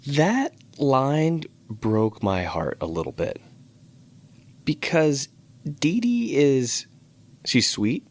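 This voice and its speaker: A man co-hosting a casual podcast, musing in a relaxed way about old cartoons and swearing now and then. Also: medium pitch, extremely slow, long pauses. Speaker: podcast co-host. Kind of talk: casual chat recapping cartoons over drinks.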